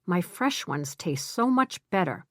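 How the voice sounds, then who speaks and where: A woman voicing an anxious, forlorn male captive speaking his thoughts quietly. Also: lowish voice, big pitch swings, unhurried, no echo, clean studio sound. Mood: wry. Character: captive male ex-teacher's pet, anxious and glum.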